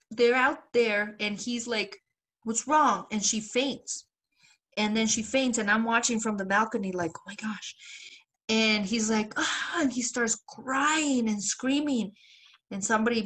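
A woman's voice: on the high side, a bit bright. A young woman co-hosting a podcast, rambling through stories in a casual chat, swearing and laughing often. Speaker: podcast co-host.

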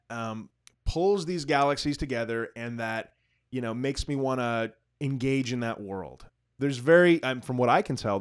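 A man's voice: medium pitch, smooth. A man co-hosting a gaming podcast, talking casually in a rambling, self-deprecating way and laughing often. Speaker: podcast co-host.

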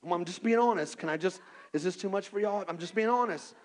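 A man from Texas, telling his own story in an animated, self-mocking sermon with lots of restarts. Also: high-pitched, quick pace. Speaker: preacher.

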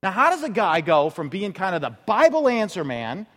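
A man's voice: sits high, huge pitch swings, moderate pace, fairly bright tone. Man preaching in a ringing hall. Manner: conversational preaching with acted quotes and rhetorical questions. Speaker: pastor. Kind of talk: sermon. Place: church sanctuary. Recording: reverberant church hall.

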